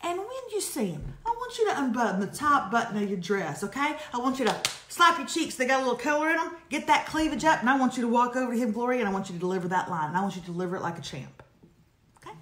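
Lady cohost, sassy and emphatic, voice a bit high, echoey room. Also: quick pace, slight background noise. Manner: sassy, emphatic, animated storytelling. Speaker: co-host giving advice. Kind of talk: casual live advice chat.

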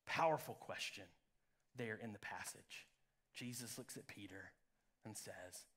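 A man preaching a live church sermon as pastor, swinging from loud peaks to hushed lows. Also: measured pace, pauses often, husky. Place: church sanctuary.

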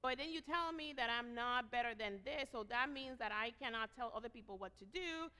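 A woman's voice: on the high side, brisk, sharp tone. A woman giving a sermon as guest preacher, talking animatedly and acting out the voices she quotes, with rhetorical questions to the congregation. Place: church sanctuary. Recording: long church reverb.

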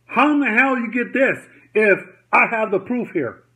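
Agitated man ranting, high voice. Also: animated, moderate pace, pushed and bright. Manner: agitated, repeats himself, swears, retells quotes. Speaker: vlogger. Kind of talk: angry personal rant to camera. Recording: dull lo-fi audio.

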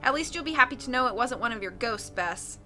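A woman's voice: fairly high pitch, animated, fast talker, bright, forceful tone, soft background music. A woman voicing a frank young woman detective, sounding tired. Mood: weary.

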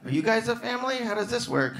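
A male stand-up comedian doing crowd work on a club stage, bantering with the audience and breaking into loud, excited outbursts. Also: extremely high pitch, fast, vocal fry. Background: audience laughter and club ambience.

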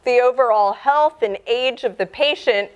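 A middle-aged woman biologist giving an informal public lecture, chatty and animated, acting out the dialogue she quotes. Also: fairly high pitch, normal speed, smooth, dull audio.

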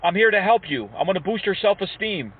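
High-voiced guy trolling someone on the phone, sarcastic fake-nice tone, tinny phone sound. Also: animated, fast talker, slightly rough, distant mic. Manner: sarcastic, taunting, fake-sympathetic. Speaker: scam-baiting prank caller. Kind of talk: mocking prank phone call.

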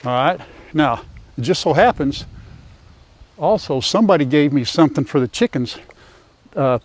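A man's voice: on the high side, animated, normal speed, dry recording. An older man, chatting casually in a farm vlog and talking to his animals in a folksy way. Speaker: farmer and vlogger. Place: outdoors on a farm.

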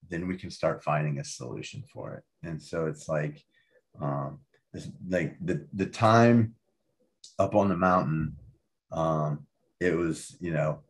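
A man talking as an interview guest and author, emphatic and animated, often tagging his points with "right?". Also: sits low. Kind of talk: casual interview talk.

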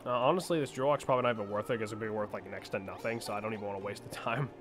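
A man's voice: fairly low pitch, rapid-fire, music in the background. A man co-hosting a gaming stream, chatting casually in a rambling, profane, self-deprecating way. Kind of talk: casual let's-play chat.

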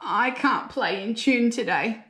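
A woman voicing a cheerful, hopeful young female emu in a light, bright voice with a roomy echo. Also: a little high, slow pace. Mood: earnest.

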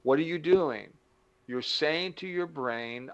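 A middle-aged man giving a motivational talk, animated, acting out little dialogues and slowing down to stress key points. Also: a little high, lo-fi sound. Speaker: motivational speaker.

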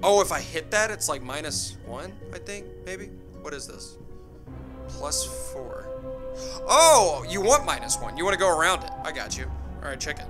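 A young man giving excitable gameplay commentary, mocking himself and shouting when surprised. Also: fairly high pitch, normal speed, over loud music. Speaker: gaming YouTuber.

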